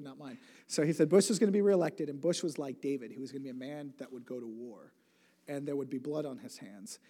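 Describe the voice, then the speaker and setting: A church speaker in his late twenties rambles through sermon stories in a chatty way, joking and often abandoning sentences midway. His voice is mellow and mid-range, and the room echoes with long hall reverb.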